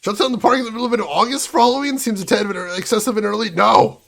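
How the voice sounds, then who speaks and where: Young man, American accent, gravelly voice, high pitch, casual game-stream chatter, playful rants. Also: fast talker, few pauses. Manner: animated, playful mock-ranting at chat. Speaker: gaming streamer. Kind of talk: casual gameplay commentary.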